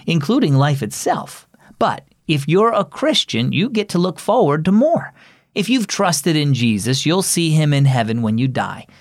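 A man's voice: mid-range voice, dry recording, clean studio sound. A man hosting a children's devotional program, reading a story and teaching in a scripted narration. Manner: warm storytelling read, acts out character lines.

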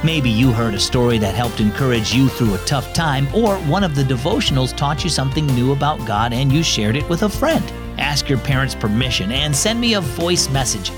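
A man hosting a children's devotional program, narrating a scripted story with an expressive read-aloud manner. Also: mid-range voice.

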